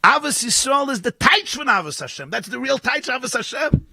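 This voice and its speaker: A man, a rabbi, giving a lively sermon at a live gathering, telling stories and acting out the voices in them. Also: very high voice, fairly quick, creaky, husky, dry recording. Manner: animated storytelling, acting out voices, rising to shouts. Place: live event with an audience.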